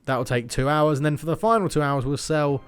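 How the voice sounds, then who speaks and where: A man's voice: a little high, fairly quick, smooth, faint music behind. A young man giving casual gameplay commentary, thinking aloud and slipping into mock match commentary. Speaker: gaming YouTuber.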